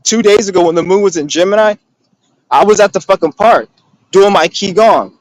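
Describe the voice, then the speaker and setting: A man's voice: high-pitched, a little fast, no echo, rough recording. A man ranting casually on a livestream, profane and rambling with lots of filler words. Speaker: streamer.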